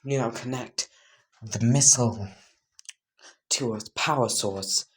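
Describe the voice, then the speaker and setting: A woman's voice: extremely low pitch, slow pace. A woman casually narrating a made-up fan story, rambling, correcting herself and laughing at her own jokes.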